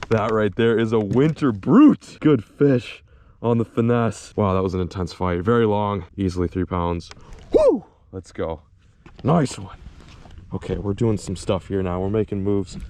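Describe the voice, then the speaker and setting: A young man vlogging while fishing outdoors in winter, talking excitedly to the camera as he reels in fish. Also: lowish voice, moderate pace, a little hiss or hum. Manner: excitable, exclaiming and laughing while reeling in fish. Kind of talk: casual on-camera fishing commentary.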